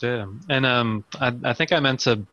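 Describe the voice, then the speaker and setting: A man's voice: medium pitch, moderate pace, pushed and bright, highs cut off. A young man co-hosting a comedy podcast who gives short amused replies and laughs often. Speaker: podcast co-host. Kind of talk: casual comedic chat.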